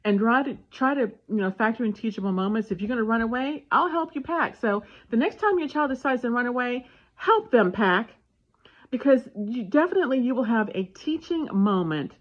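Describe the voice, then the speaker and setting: Higher-voiced woman telling a family story. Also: brisk. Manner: animated retelling with voiced dialogue. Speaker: parenting vlogger. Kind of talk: casual storytelling with parenting advice. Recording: dull lo-fi sound.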